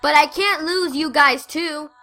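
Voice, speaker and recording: A woman's voice: sits high, unhurried, sharp tone, voice pushed up, heavily acted. A woman doing Kaya, a tearful little wolf pup. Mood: pleading. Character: young female winged wolf pup, tearful.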